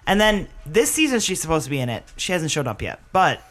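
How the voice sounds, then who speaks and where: A woman's voice: low voice, sing-song, brisk, a bit bright. A woman co-hosting a podcast, chatting crudely and animatedly and laughing often. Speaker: podcast co-host. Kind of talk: casual chat.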